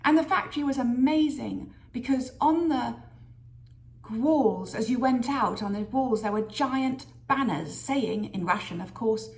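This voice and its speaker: A woman vlogging a workplace story, lively and acting out the voices of people she quotes. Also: on the high side, unhurried, vocal fry. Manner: lively storyteller who acts out quoted dialogue. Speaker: business leader sharing a career story. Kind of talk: storytelling vlog.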